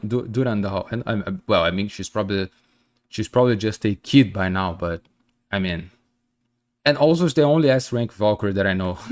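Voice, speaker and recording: A man streaming as he reads manga, chatty and excitable, often stumbling and restarting sentences. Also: mid-range voice. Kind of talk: live stream manga reading.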